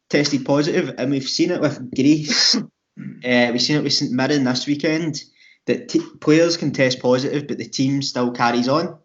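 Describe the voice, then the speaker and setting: A Scottish man co-hosting a podcast, chatting in a rambling way with many restarts. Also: on the high side. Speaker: podcast co-host. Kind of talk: casual chat. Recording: dull lo-fi sound.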